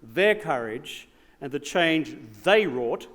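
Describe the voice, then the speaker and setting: A man's voice: on the high side, animated, slow pace, fairly bright tone. A middle-aged Australian man giving a formal evening speech with joking asides and rhetorical repetition, in a large hall. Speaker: speaker. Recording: long hall reverb.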